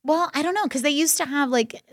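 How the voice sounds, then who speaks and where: A woman's voice: high-pitched, a little fast, no echo, clean studio sound. A woman co-hosting a podcast, chatting casually and telling stories with lots of "like" fillers. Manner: chatty, storytelling with many "like" fillers. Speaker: podcast co-host. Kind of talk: casual chat recapping a show.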